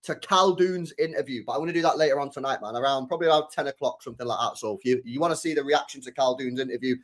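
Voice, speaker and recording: A young man hosting a casual football live stream, loose and chatty, full of slang, swinging from loud bursts to mumbles. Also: mid-range voice, racing. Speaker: football channel host.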